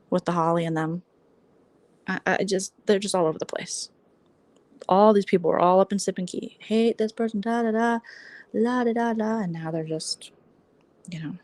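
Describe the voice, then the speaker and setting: A woman's voice: fairly low pitch, no echo. A woman hosting a casual late-night livestream, giving sassy, blunt, mocking gossip commentary. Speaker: livestream host.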